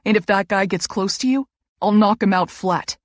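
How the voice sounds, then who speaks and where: A woman narrating an audiobook, voicing a blunt, fiercely loyal young man who swears freely and turns gentle when comforting a friend. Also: mid-range voice, moderate pace, no room sound, natural voice. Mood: protective. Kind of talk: audiobook character reading.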